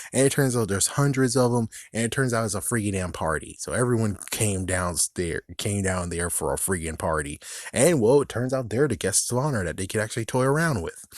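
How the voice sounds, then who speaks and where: Rambling young man reviewer, low voice. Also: no room sound, studio quality. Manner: rambling, swears often, laughs at own jokes. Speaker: YouTube reviewer. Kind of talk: casual rambling commentary.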